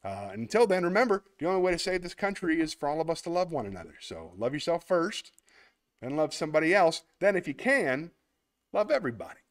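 Speaking briskly in a fairly high voice with big swings in pitch, this male host chats through a word game on a casual livestream. He's chatty and self-mocking, reasoning out loud as he plays, and ends by sincerely thanking the people watching.

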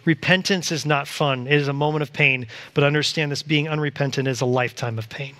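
A man preaching a church sermon, animated and acting out quoted voices to the congregation. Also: a little high, fairly quick. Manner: animated, acts out voices of God and Satan. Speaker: pastor. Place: church sanctuary.

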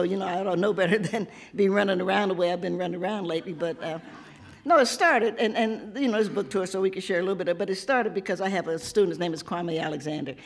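A woman of seventy from Tennessee, hoarse from losing her voice, reading a poem and then chatting playfully with an audience, laughing often. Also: mid-range voice. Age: 70s. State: hoarse, has lost her voice. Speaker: poet at an author visit. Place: public library event before an audience.

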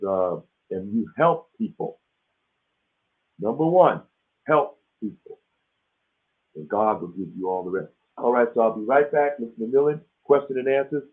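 A man hosting a webinar in a casual, lively way, acting out the voices in the stories he tells. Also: medium pitch, normal speed, long pauses. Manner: animated storytelling, acts out quoted dialogue. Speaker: webinar host. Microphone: video call. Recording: tinny phone-like audio.

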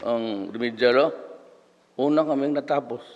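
A man's voice: medium pitch, moderate pace, dull audio, noisy background. A man in his seventies from the Philippines, giving a rambling, anecdotal speech as guest speaker at an alumni event. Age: 70s. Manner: rambling, storytelling, mixes languages. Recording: echoey hall.

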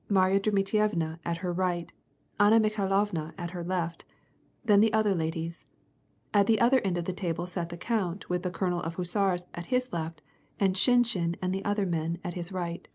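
A woman's voice: lowish voice, moderate pace, darkish tone. Woman narrating a classic audiobook.

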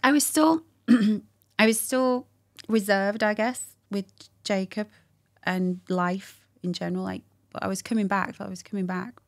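A woman's voice: mid-range voice, normal speed. A woman, a guest candidly telling a personal story with laughter and quoted dialogue. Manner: warm, laughing, animated retelling with quoted dialogue.

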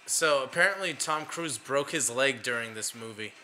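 A man's voice: mid-range voice, lively intonation, normal speed, bright, forceful tone, soft background music. A man co-hosting a podcast, chatting casually about movie trailers and laughing often. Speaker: podcast co-host.

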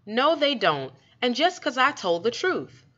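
A woman's voice: on the high side, very animated, measured pace, sharp tone, voice pushed up, exaggerated voice. A woman voicing an earnest young girl who speaks plainly and folksy, pleading to be understood. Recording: dull lo-fi recording.

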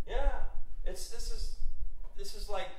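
A man coaching a singer in rehearsal, animated and repetitive, pushing her to deliver harder. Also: high-pitched, slow pace, recorded from a distance, a little hiss or hum. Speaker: vocal coach. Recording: echoey room, voice off-mic.

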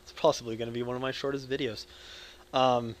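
Loud rambling crude young man. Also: medium pitch, flat delivery, a little fast, a little hiss or hum. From United States. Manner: loud, jokey, crude, swings between yelling and mumbling. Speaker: gaming video creator. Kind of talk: rambling live gameplay commentary.

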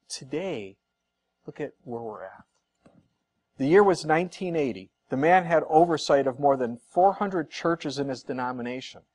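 A man's voice: on the high side, darkish tone. A man preaching a sermon as pastor, earnest and conversational, repeating points for emphasis with casual asides.

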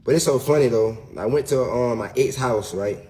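Man, casual livestream rant, profane, emphatic, says bro constantly, ordinary mid-pitched voice. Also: normal speed, mellow.

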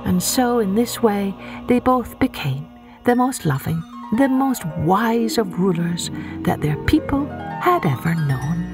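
Lady reading a kids' fairy tale slow and expressive, voice goes up and down a lot, faint music behind. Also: mid-range voice. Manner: expressive, gentle. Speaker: storyteller, podcast host. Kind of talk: children's story narration.

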